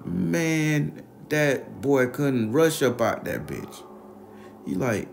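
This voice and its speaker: A man's voice: medium pitch, drawn-out words, gravelly, a little hiss or hum. A man telling a wild personal story, slangy and profane, acting out the voices of everyone in it. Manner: animated, slangy, acts out the voices.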